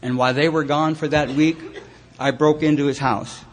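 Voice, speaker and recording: A man's voice: on the high side, steady tone, moderate pace. A man from Los Angeles speaking at a recovery retreat, telling his own story with wry, self-mocking humor and acting out the people in it. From Los Angeles, California. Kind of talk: personal recovery talk. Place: retreat meeting hall, live audience.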